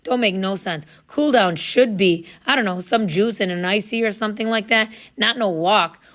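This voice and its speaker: A woman reading a first-person story aloud in a casual, lively storytelling manner. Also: mid-range voice, normal speed. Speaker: audiobook narrator.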